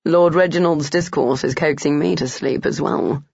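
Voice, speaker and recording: Here is a charming, tall gentleman who flirts in a slow, low murmur, as a narrator plays him. The tone is gravelly and dry, with a dull, lo-fi sound. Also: dry recording. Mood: flirtatious.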